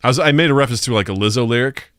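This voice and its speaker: Male podcast co-host, mid-range voice, dry close mic, animated storyteller. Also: mid-range voice, racing, no room sound. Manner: animated storyteller acting out his daughter's questions. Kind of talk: casual storytelling chat.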